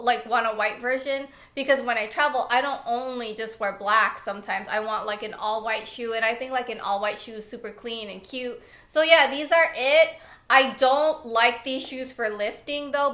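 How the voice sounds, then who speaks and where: Young woman vlogger, bright and a bit high, excitable and chatty, echoey room. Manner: chatty and excitable, laughs often. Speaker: lifestyle vlogger. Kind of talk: casual favorites chat.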